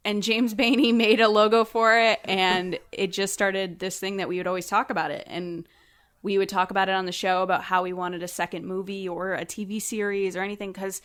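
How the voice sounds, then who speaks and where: A woman guest on a casual podcast, telling a story with animated energy and acting out quotes in a raised voice. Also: medium pitch, brisk.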